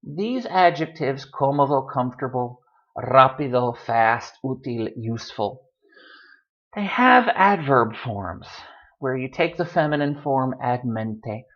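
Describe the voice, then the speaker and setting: A man's voice: mid-range voice, lively intonation, takes it slowly, muffled recording. A man giving a video lesson, patiently repeating words to show where the stress falls. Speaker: Spanish tutor.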